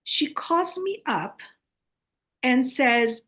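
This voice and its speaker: An older woman from the United States in her seventies, an author and guest telling stories in an animated way and often checking in with "okay?". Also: high-pitched, drawn-out words. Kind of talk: animated anecdotal storytelling.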